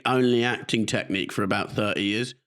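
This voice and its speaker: A man's voice: fairly low pitch, fairly even intonation, fairly quick, fairly bright tone. A man co-hosting a podcast remotely, telling rambling, chatty anecdotes in casual conversation. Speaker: podcast co-host. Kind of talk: casual chat. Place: remote recording.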